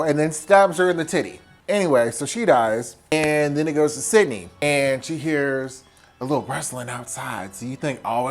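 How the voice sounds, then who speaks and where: A tipsy man retelling a horror film as a comedy recap, animated and profane, jumping into quick impressions of the characters. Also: a little high. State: tipsy from wine. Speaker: host.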